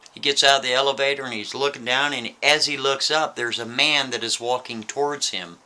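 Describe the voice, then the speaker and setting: A man's voice: on the low side, pushed and bright. A man telling a story in a casual, chatty way, often checking in with the listener with "right?" asides.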